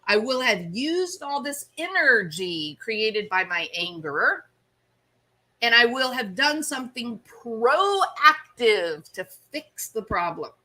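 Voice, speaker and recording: Give me an animated woman telling a self-mocking story at an unhurried pace. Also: fairly high pitch. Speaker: channel host. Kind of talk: storytelling commentary.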